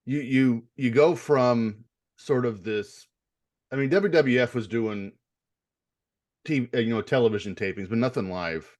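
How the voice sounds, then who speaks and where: A man's voice: medium pitch, unhurried, a little mellow. A man interviewing a guest, asking detailed fan-level questions in a casual tone and chuckling now and then.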